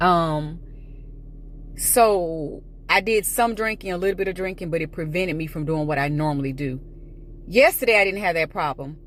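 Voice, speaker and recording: A woman chats casually to her camera in a rambling, anxious flow. Her voice sits a little low, and she gets animated as she talks, sometimes with food in her mouth. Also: slight background noise. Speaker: vlogger. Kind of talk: casual chat.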